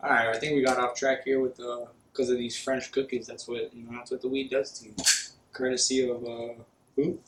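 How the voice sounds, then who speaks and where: A young man in casual podcast banter, loose and rambling, cursing freely. His voice sits at an ordinary pitch. The room around him is echoey, with faint background noise. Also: level tone, brisk. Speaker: podcast co-host.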